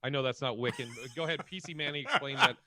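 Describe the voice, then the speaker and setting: A man's voice: medium pitch, fast talker, sharp tone, slight background noise. Joking male podcast co-host. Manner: joking, profane, sets up scenarios. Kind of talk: casual comedic chat.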